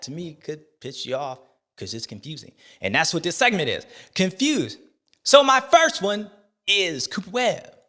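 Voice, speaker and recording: Casual male show host, slangy and animated, bright edge to the voice. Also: mid-range voice. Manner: animated, slangy, with dramatic outbursts. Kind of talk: casual commentary.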